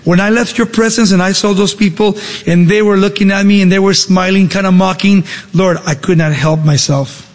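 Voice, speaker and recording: A man with a high voice playing Moses as a flustered man hurrying through excuses, in an echoey hall. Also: steady tone, moderate pace, few pauses. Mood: defensive.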